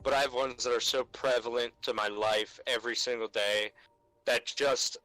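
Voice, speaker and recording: A man's voice: medium pitch, fairly even intonation, normal speed, pushed and bright, no room sound, soft background music, poor audio. A young man on a podcast, ranting in casual chat about customers at work. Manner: exasperated ranting, mock voices for customers. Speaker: podcast co-host. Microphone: remote call mic.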